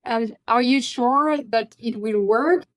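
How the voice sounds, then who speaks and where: A woman's voice: fairly high pitch, slow pace, dry recording. A woman hosting a podcast interview, asking questions carefully and searching for her words. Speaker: podcast host.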